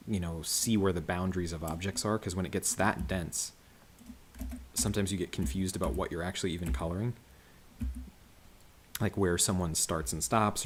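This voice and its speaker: With a little hiss or hum in the background, a low-voiced man chats loosely while coloring comics on a livestream. His commentary on his process wanders, full of fillers and false starts.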